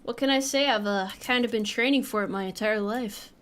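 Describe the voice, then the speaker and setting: A young woman with a voice pitched a little high chats through a game stream. She keeps up a playful, teasing running commentary, tossing in casual swears. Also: a little fast, a bit bright. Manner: playful, jokey, swears casually while playing.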